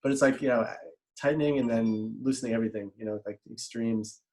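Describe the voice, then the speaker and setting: A man's voice: medium pitch, fairly even intonation, quick pace, darkish tone. A man interviewing a guest, talking casually and hesitantly, searching for words. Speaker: chiropractor, interviewer.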